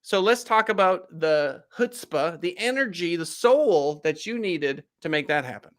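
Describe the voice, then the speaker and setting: A man's voice: high voice, expressive, unhurried. A man hosting a podcast, introducing his guest in a showman style with a nasal voice. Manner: showman hype, big swoops. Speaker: podcast host. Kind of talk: energetic show introduction.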